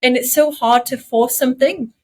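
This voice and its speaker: A woman from England co-hosting a podcast, chatting casually and pausing to search for her words. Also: high-pitched, steady tone, a little mellow. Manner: reflective, searching for words mid-sentence. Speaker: podcast co-host. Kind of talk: casual chat.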